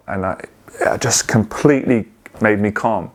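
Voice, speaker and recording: Earnest man, halting and emotional. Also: fairly low pitch. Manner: earnest, halting, with many restarts and repeated words. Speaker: guest sharing a testimony. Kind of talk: emotional personal testimony.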